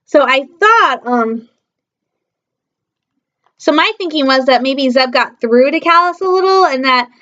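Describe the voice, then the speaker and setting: A woman's voice: high-pitched, a little slow, pauses often. A young woman from Michigan gushing in a casual, rambling fan review, full of fillers and sudden squeals of delight. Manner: excitable, gushing, many fillers, bursts into squeals. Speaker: fan vlogger. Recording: dull lo-fi audio.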